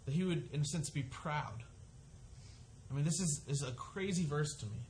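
A man's voice: a little high, animated, normal speed, darkish tone, slight background noise. Earnest conversational male pastor. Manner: earnest, conversational with frequent restarts. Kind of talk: sermon.

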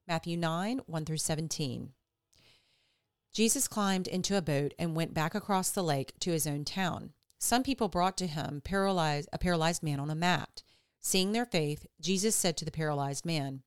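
A woman hosting a podcast, reading scripture aloud in a steady, measured way. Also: low voice, clean tone, no echo, clean studio sound. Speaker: podcast host.

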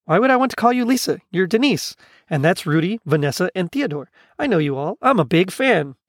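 A man voicing an eccentric, excitable male Muppet who talks earnestly and stammers when cold. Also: fairly high pitch, fairly quick, no room sound, studio quality. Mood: excited.

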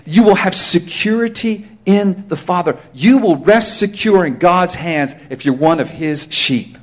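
A man's voice: high-pitched, expressive, measured pace, hardly any pauses. A pastor preaching a sermon to his congregation, driving points home with emphatic rhetorical questions.

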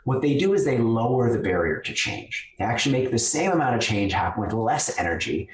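A man's voice: mid-range voice, brisk. Guy explaining stuff with lots of ups and downs in his voice, sounds a bit far off in an echoey room. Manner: animated, lively storyteller who acts out quotes. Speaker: author being interviewed. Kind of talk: conversational explanation and storytelling. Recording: roomy sound, somewhat far from the mic.

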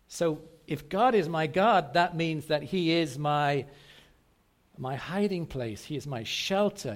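A man preaching a sermon to a congregation, emphatic and repetitive, often asking rhetorical questions. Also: on the high side. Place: church service.

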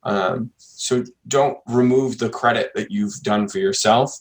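Guy hosting a podcast, mid-pitched, earnest advice, keeps saying right?. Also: a little slow. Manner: earnest, advice-giving, often tags "right?". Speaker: podcast host. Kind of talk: casual podcast chat.

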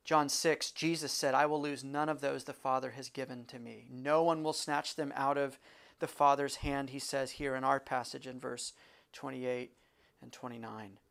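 A preacher delivers a sermon in an earnest, conversational manner. The voice sits at an ordinary middle pitch, and key phrases come back again and again for emphasis. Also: steady tone, moderate pace, gravelly, fairly bright tone. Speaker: pastor.

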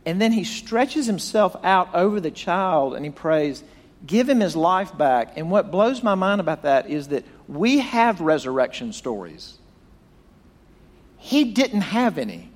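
A man's voice: high-pitched, sing-song, measured pace, long reverb tail. A male pastor preaching a sermon, retelling a story dramatically and acting out the quoted voices.

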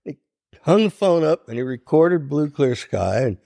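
An older man from Ohio, a songwriter guest, telling an animated anecdote in an interview and acting out the voices in it. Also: a little high, normal speed, vocal fry, no room sound, clean studio sound. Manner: animated anecdote telling, acts out quoted voices, laughs often. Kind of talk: storytelling interview.

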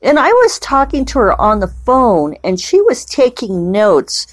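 A woman's voice: on the high side, sing-song, measured pace, no room sound. A woman novelist chatting casually at home in a rambling, digressive way, with plenty of fillers. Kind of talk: casual vlog chat.

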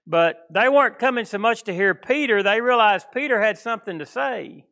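A man's voice: sits high, bright, forceful tone. A man with an East Texas accent, preaching an informal sermon in a plainspoken, folksy, rambling way. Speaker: pastor.

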